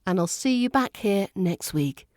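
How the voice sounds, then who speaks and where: A woman with a British RP accent giving a podcast lesson on pronunciation, crisp and demonstrative with playful emphasis. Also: medium pitch, lively intonation, unhurried, darkish tone, no room sound, studio quality. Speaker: accent coach.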